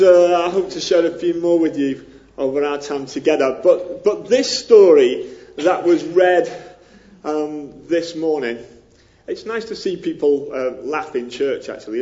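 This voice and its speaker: A chatty, self-deprecating preacher with a northern English accent from near Liverpool. His voice sits fairly high for a man. The church recording sounds dull and lo-fi. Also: a little mellow, slight background noise. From northern England. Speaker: pastor. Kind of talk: sermon.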